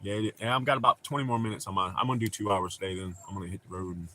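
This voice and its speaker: A man's voice: on the low side, steady tone, rapid-fire, a bit bright, slight background noise. A middle-aged man with a Southern American accent, chatting casually and telling rambling, profane stories on a stream. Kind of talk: casual chat.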